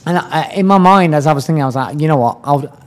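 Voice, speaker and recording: An English man co-hosting a podcast, telling a story in a lively way with laughs and stammered restarts. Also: on the high side, fast talker. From England. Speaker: podcast co-host. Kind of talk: casual storytelling chat.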